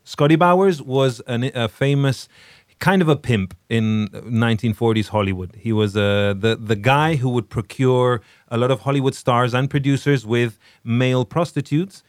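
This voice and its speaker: A man's voice: medium pitch, no room sound, clean studio sound. A man hosting a podcast, giving casual commentary on films in a chatty, emphatic way with many restarts. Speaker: podcast host.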